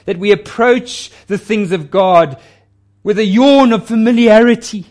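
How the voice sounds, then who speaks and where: A male pastor preaching a sermon with a fairly high voice. He takes his time, spacing out each phrase and leaning into quoted lines with earnest emphasis. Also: a little slow, darkish tone.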